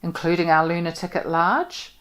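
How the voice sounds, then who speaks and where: A woman's voice: lowish voice, normal speed, a bit bright, natural voice. Dry, sardonic young man, voiced by a woman reader. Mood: wry. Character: wry, exasperated young male war veteran.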